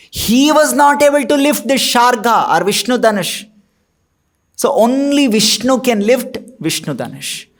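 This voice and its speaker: A man giving a scriptural discourse. He tells the story with animation, chanting Sanskrit verses and then explaining them. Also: high-pitched. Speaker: monk and scripture teacher.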